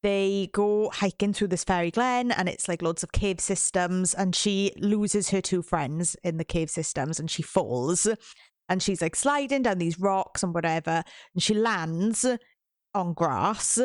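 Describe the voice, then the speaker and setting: Low-voiced chatty woman podcast host. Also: unhurried, no echo, clean studio sound. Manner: chatty and profane, heavy use of "like". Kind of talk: casual book recommendation chat.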